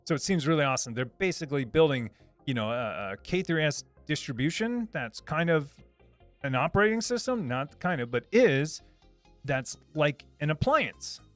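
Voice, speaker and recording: A man's voice: a little high, sing-song, moderate pace, dry recording, faint music behind. Upbeat man chatting on a live stream. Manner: upbeat, repeats words, many fillers and restarts, laughs often. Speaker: livestream host reading chat. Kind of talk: casual live chat.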